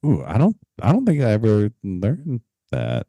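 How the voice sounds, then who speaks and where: Casual male co-host, low mellow voice, easygoing, lots of fillers; dry close recording. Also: moderate pace, no room sound. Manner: relaxed, chatty, many fillers and laughs. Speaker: podcast co-host. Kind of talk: casual podcast chat.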